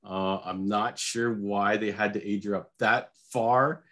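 A man's voice: fairly low pitch, steady tone, unhurried, fairly bright tone. A man co-hosting a podcast, chatting casually in a rambling, hesitant way. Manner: rambling, hesitant, lots of restarts. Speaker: podcast co-host. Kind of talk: casual chat.

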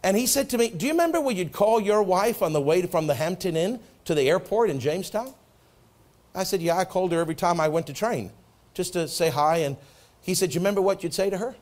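A middle-aged man, a pastor preaching a sermon in a church, telling a personal story and acting out the dialogue, going soft and low for quoted words. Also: fast. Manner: animated storytelling, acts out prayers and dialogue, drops soft for quotes. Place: church sanctuary.

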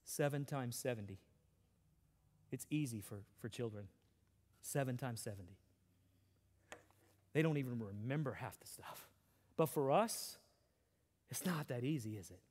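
Impassioned pastor in a reverberant hall. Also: male voice, mid-range voice, a little slow, long pauses. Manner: impassioned, swings between loud emphasis and hushed tones. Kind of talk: sermon. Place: large church hall.

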